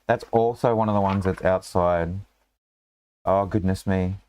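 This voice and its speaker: Low-voiced man running a casual game. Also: fairly even intonation, unhurried, darkish tone, smooth. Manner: rambling, lots of fillers and restarts. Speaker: game master. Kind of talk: casual tabletop game session.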